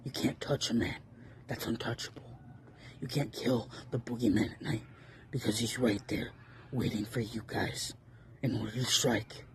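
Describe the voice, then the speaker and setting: A man cuts a boastful wrestling promo in a mid-pitched voice, leaning into menace. His lines keep dropping into hushed, threatening whispers over a faint hiss behind him. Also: steady tone, normal speed. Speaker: fan wrestling promo performer. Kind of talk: wrestling trash-talk promo.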